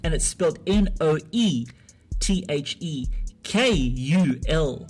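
A man hosting a radio show from a studio, his voice sitting a little high. He rambles along loosely, stumbling over fillers and restarting his sentences, with soft music playing faintly underneath. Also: expressive, slow pace. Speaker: radio host.

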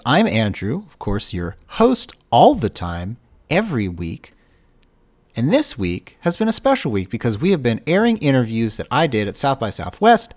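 Rambling, joking male radio host. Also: medium pitch. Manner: rambling and joking, with frequent restarts. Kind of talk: casual radio talk, pre-recorded. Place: radio studio.

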